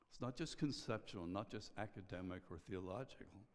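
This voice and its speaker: A middle-aged man, a pastor, preaching a sermon in an earnest, measured way, often dropping to a soft hush. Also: lowish voice. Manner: earnest, pausing, drops to a soft hush on key lines. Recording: long hall reverb.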